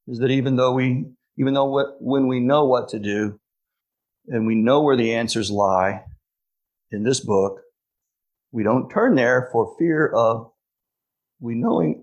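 Husky male preacher giving a sermon. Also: mid-range voice. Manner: emphatic, slows down for key phrases. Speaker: pastor.

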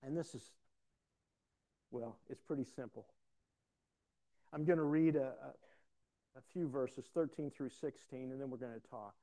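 A man's voice: mid-range voice, a little slow, pauses often, dark tone. An older man preaching a conversational sermon in a folksy, rambling way, often repeating words as he starts a thought.

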